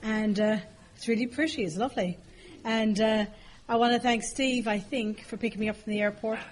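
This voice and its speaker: A woman's voice: a little high, fairly even intonation, moderate pace. An Irish woman with a bit of a cold, giving a humorous, self-mocking recovery talk at a podium with lots of fillers. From Ireland. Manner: chatty, self-mocking, frequent fillers and laughs. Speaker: AA speaker.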